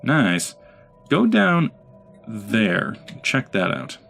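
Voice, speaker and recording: A man giving casual let's play commentary, chatting away and bossing his in-game fleets around. His voice is low but lively, jumping up and down in pitch. Light game music plays in the background. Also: very slow, creaky. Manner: chatty, talks to his units.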